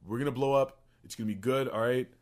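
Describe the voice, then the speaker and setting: A man's voice: mid-range voice, fairly even intonation, fast talker. A young man co-hosting a podcast in casual chat, swearing often and rambling through jokes. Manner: profane, rambling, jokey. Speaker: podcast co-host.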